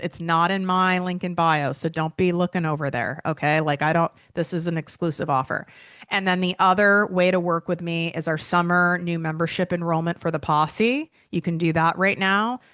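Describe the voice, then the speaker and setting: A woman's voice: fairly low pitch, fairly even intonation, normal speed, a bit bright, clear, resonant tone, no room sound, studio quality. A woman hosting her own podcast in a chatty, emotional way, full of fillers, near tears as she speaks. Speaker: podcast host and business coach. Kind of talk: casual solo podcast talk.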